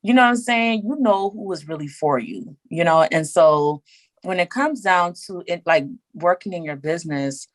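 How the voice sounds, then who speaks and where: Animated low-voiced woman, emphatic. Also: moderate pace, no echo, rough recording. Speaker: podcast guest. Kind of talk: casual chat.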